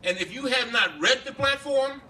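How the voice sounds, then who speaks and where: A man, a congressman, giving an impassioned speech at a bar reception, halting and repeating himself, recorded from a distance. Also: very high-pitched, lively intonation, bright, forceful tone. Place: bar reception room, indoors. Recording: distant camera with faint background noise.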